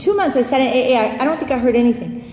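A woman in her forties telling a personal story in a lively, candid way, acting out the voices she quotes. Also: high voice, very fast. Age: 40s. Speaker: speaker sharing a recovery story. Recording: echoey hall, faint background noise.

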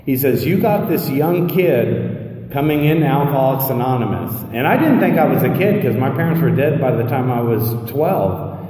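A man's voice: mid-range voice, expressive, moderate pace, dark tone. A man in his fifties telling his recovery story to a crowd, stammering through restarts and acting out what others said. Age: 50s. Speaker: recovery meeting speaker. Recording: echoey hall, mic from a distance.

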